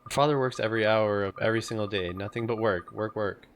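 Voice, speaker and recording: A man's voice: on the low side, fast talker, slight background noise, close to an everyday voice. A man reading as a gossipy old neighbor woman. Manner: gossiping, fussy and sympathetic. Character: gossipy elderly woman neighbor, fussing and chatty. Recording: game music playing behind.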